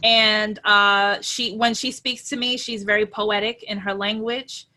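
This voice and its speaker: A woman hosting a relaxed spiritual talk, reading her notes aloud in a reflective way with many fillers. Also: medium pitch, a little slow. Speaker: host.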